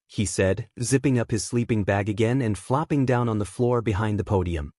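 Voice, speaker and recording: A man narrating a story in scripted fashion with a steady, even reading manner. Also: lowish voice, moderate pace, hardly any pauses, no echo, clean studio sound. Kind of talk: scripted narration of reader-insert fan fiction.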